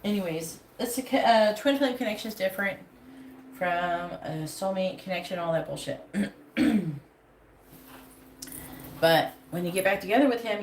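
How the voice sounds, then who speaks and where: A woman giving a live tarot reading, handing out blunt advice with plenty of swearing. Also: medium pitch. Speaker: tarot reader. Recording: echoey room with faint background noise.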